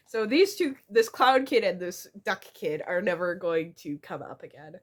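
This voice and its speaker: A young woman recalls a comic she drew as a child, reading it aloud at an unhurried pace. Her pitch swings widely, and she keeps breaking into giggles. She teases her own childhood self with easy, self-mocking humor. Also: lively intonation. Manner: giggly, breaks into laughter often. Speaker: vlogger.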